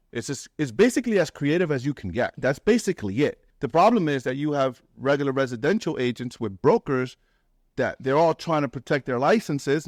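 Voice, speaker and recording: A man talking to a meetup crowd about investing, with a blunt, animated delivery and the odd curse. He mimics other people's voices by pitching up sharply. The sound is dry and close, with no room echo. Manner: blunt and swearing, acts out quoted people in raised pitch. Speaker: real estate investor and mentor speaking at a meetup. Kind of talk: animated talk to a live audience.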